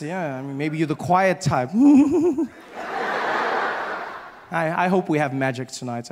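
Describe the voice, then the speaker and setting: A man with a South African accent performing stand-up comedy, telling family stories in an animated way and acting out the people in them. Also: high-pitched, background noise. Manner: animated storytelling, acts out his family members.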